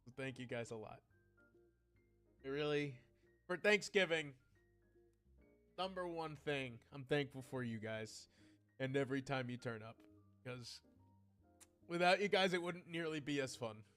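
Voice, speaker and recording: Smooth-voiced young man streaming. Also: mid-range voice, measured pace, pauses often, fairly bright tone, faint music behind. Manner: rambling and heartfelt, with restarts. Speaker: VTuber streamer. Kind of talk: casual livestream chat.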